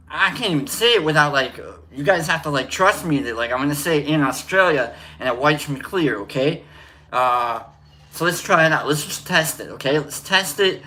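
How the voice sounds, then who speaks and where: A man's voice: on the high side, expressive, a little fast, bright, forceful tone. A man hosting a casual livestream, rambling and joking while greeting viewers by name. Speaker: livestream host.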